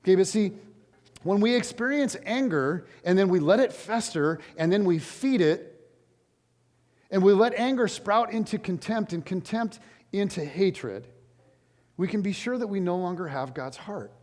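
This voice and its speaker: A high-pitched man preaching from the stage of a large church, his voice lively and swooping as he slips into casual, joking asides. The long reverb of the sanctuary trails after each phrase. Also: moderate pace. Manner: animated, conversational, jokey asides. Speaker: pastor. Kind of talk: sermon.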